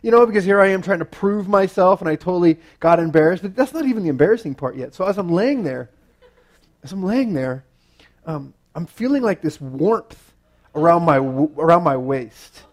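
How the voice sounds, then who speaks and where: A man giving a youth sermon, telling a personal story in an animated way with frequent "right?" asides to the audience. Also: sits high, moderate pace. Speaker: youth pastor.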